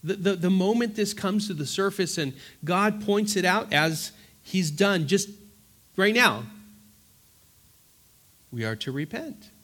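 A man preaching an earnest Bible-teaching sermon, emphatic and repeating words for stress, then dropping to soft, pleading tones. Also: sits high, animated, takes it slowly, long pauses. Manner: swings from loud urgency to soft, quiet pleading.

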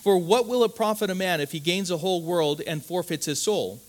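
A man's voice: high-pitched, fairly quick. A man preaching a sermon in an earnest, emphatic way, often restarting his words and asking "right?". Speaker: pastor.

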